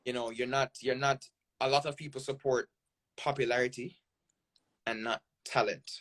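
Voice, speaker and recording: A man's voice: medium pitch, moderate pace. Jamaican man telling stories with emphasis. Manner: animated, emphatic storytelling with frequent "right?" tags. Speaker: guest content creator. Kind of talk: casual interview talk.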